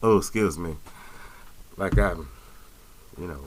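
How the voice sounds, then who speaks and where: A man's voice: low-pitched, slow pace, slight background noise. A man hosting a casual talk radio show, rambling and joking with lots of fillers and restarts.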